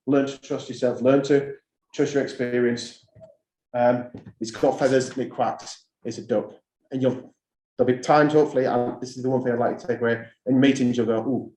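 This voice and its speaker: A man's voice: mid-range voice, warm tone. Middle-aged man giving an anecdotal talk, roomy hall. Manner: anecdotal, conversational, repeats key phrases for emphasis. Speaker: school head giving an address. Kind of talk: conference talk to fellow heads. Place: school hall or conference room.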